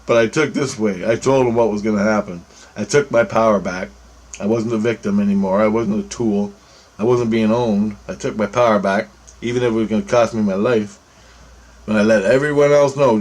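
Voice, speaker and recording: A man's voice: lowish voice, darkish tone, slightly rough. A man telling a story about a dream in a rambling, profane, casual way. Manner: rambling, profane, restarts phrases.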